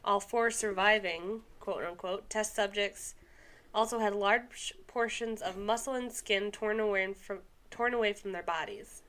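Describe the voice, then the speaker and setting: A young woman reads a long story aloud on a podcast. Her voice sits in a mid range. She pauses often for casual asides and trips over words now and then. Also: medium pitch, a bit bright. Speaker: podcast co-host.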